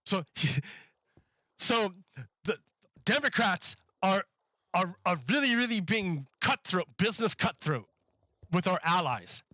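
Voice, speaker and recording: A man's voice: sits high, lively intonation, takes it slowly, long pauses, sharp tone, no room sound, lo-fi sound. A man giving rambling live-streamed political commentary, often repeating his words and mocking the other side in put-on quotes.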